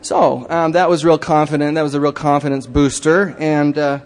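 A middle-aged man giving a halting, earnest church talk, full of fillers and self-deprecating asides. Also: fairly high pitch, steady tone. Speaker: lay church speaker. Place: chapel. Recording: long hall reverb.

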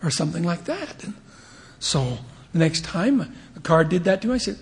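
A man in his fifties preaches with a light, storytelling touch, bouncing into voices for the people in his anecdotes. His voice sits high for a man and carries a gravelly edge, and it rings out in a large hall with a long echo. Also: normal speed, slight background noise. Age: 50s. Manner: animated storyteller acting out voices, chuckling often. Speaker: church leader giving a devotional talk. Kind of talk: humorous sermon with stories.

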